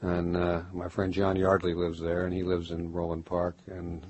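A middle-aged man from Baltimore, a writer being interviewed, musing in a halting way with many restarts. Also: low-pitched, completely flat delivery, darkish tone, breathy edge, no room sound, poor audio. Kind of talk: reflective conversational interview.

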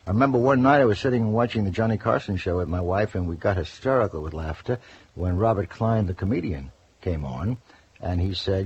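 An older man with a very husky, breathy voice and a fairly low pitch tells his stories in an interview. He acts out the quotes as he goes. The recording is dull and lo-fi, like an old radio broadcast. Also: fairly quick. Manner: lively anecdotes with acted-out quotes. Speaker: interview guest, former news correspondent. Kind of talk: storytelling interview.

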